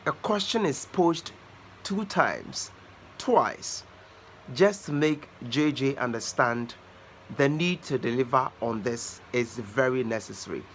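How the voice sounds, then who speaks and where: A man teaching conversation skills in an instructional talk, slow and deliberate, leaning on key words for stress. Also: mid-range voice, animated, slight background noise. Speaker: communication teacher.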